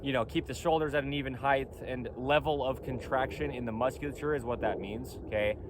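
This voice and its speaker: A man's voice: mid-range voice, fairly even intonation, brisk. A company founder talking outdoors in a casual vlog, speaking emphatically and insistently while repeating his points. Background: faint wind and traffic noise.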